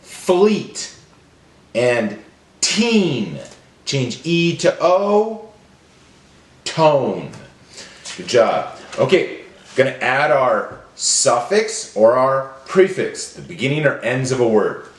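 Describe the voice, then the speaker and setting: A man leading a phonemic awareness drill for children, stretching each word out slowly and clearly. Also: medium pitch, very animated, reverberant. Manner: slow, drawn-out, deliberate enunciation. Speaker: teacher.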